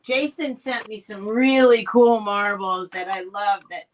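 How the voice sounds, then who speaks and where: A woman's voice: mid-range voice, unhurried, a little hiss or hum, low-quality recording. An older woman hosting a live stream, chatting casually and thinking aloud. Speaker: host.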